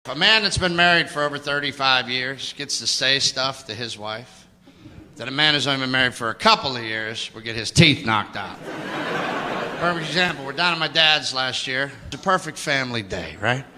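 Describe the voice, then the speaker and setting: A man's voice: mid-range voice, expressive, normal speed, sharp tone, long reverb tail. A man doing stand-up, telling a family story. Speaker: stand-up comedian.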